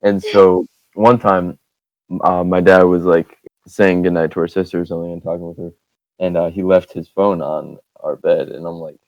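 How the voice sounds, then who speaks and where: A man's voice: deep voice, flat delivery, moderate pace, creaky, no room sound. A teenage man co-hosting a casual podcast with friends, telling stories in a laughing, confessional way. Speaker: podcast co-host. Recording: dull lo-fi dry sound.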